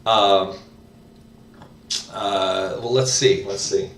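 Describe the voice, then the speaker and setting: Casting: unhurried man, halting study-session talk, distant mic in a roomy space. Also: low-pitched, fairly even intonation. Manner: hesitant, many fillers and self-corrections. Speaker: language learner host. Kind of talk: casual spoken lesson, thinking aloud.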